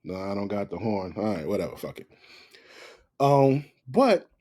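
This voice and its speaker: Husky, animated man ranting profanely. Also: fairly low pitch, moderate pace. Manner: loud, profane, mocking. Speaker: reaction video host. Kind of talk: uncensored reaction commentary.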